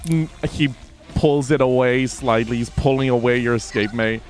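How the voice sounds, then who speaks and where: A man's voice: medium pitch, soft background music. Man narrating a tabletop game. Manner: vivid, drawn-out scene description with many fillers. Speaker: game master.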